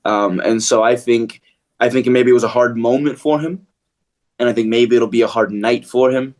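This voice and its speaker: A man talks casually as the guest in an interview. He speaks in a relaxed way, stumbling and restarting often and filling pauses with "um" and "like." His pitch sits in the middle for a man. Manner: relaxed, halting with many restarts and fillers. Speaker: actor interviewed.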